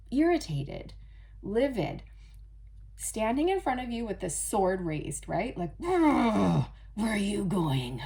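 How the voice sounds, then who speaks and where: A woman giving a casual channeled tarot reading, chatty and animated, often addressing her viewers directly. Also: mid-range voice. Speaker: tarot reader.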